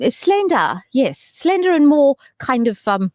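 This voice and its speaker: A woman's voice: moderate pace, hardly any pauses, dry recording. A woman hosts a radio show, her voice bouncing up and down as she chats and jokes. The sound is dry and close-miked with no room around it. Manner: chatty and joking, with lively swoops in pitch and laughs. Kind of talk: casual radio chat and weather.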